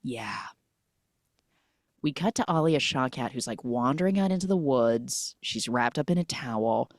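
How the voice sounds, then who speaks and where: A woman's voice: extremely low pitch, animated, normal speed, no room sound, studio quality. A woman recapping a film on a podcast in a casual, chatty way, full of "like" and "you know," who acts out the characters' lines as she goes. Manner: chatty, filler-heavy storytelling that acts out the lines.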